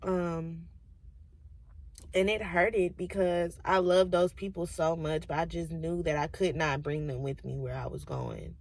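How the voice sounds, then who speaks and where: Girl early 20s, kinda low voice, confiding and a little teary, lots of "like"s. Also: animated, unhurried, no room sound. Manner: emotional, confiding, many "like"s. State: tearful at times. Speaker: vlogger. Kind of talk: casual personal vlog, reading old journals.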